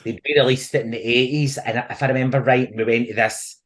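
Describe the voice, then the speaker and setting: A middle-aged Scottish man, a podcast guest, chatting casually and telling animated stories with frequent laughs. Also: mid-range voice, fairly quick. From Scotland. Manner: animated storyteller, laughs often. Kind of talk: casual chat.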